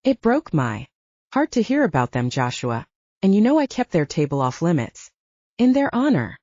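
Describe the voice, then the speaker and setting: Woman doing a jovial Italian host, thick accent, lively and mellow, dull dry audiobook sound. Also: on the low side, normal speed, dry recording. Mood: effusive. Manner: warm, effusive, theatrical. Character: loud jovial middle-aged Italian restaurant owner, big man.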